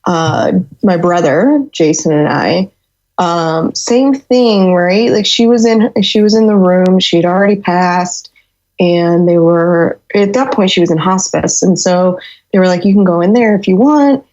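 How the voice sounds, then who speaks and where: Woman, podcast host, very slow speech, muffled lo-fi audio, soft supportive manner. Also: lowish voice. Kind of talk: casual podcast conversation. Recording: dull lo-fi sound.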